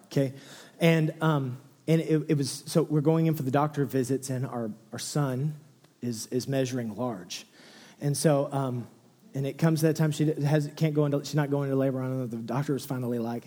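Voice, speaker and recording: Telling a personal story from the pulpit, a pastor in his thirties speaks at normal speed with lively energy. His delivery moves between quiet, low stretches and excited near-shouts, and long hall reverb surrounds it.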